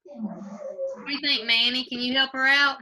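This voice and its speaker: A woman's voice: high-pitched, steady tone, a little slow, crowd noise. A woman teaching a grade-school class over a video call from home, patiently quizzing pupils by name and repeating her questions.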